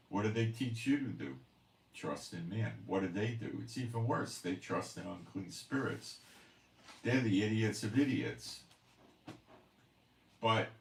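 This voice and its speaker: A man's voice: low-pitched, echoey room, recorded from a distance. A man hosting a commentary channel, ranting emphatically with scorn and rhetorical questions. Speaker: host of a prophecy commentary channel.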